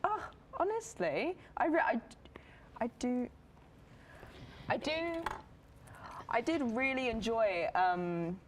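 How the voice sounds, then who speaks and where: A woman hosts a charity live stream, upbeat and curious as she asks her co-host questions. Her voice is fairly high and lively in pitch, with faint noise behind. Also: takes it slowly, pauses often. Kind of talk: casual chat.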